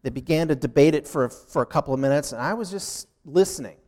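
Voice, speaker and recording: A man's voice: on the high side, quick pace, a little mellow. A man preaching a sermon, telling a personal story and acting out the dialogue with emphasis. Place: church sanctuary. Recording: long hall reverb.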